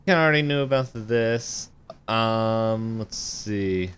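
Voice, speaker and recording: A man co-hosting a podcast, going through wiki notes in casual chat with frequent ums and pauses. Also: on the low side, a bit bright, smooth. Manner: hesitant, lots of ums while reading notes. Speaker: podcast co-host.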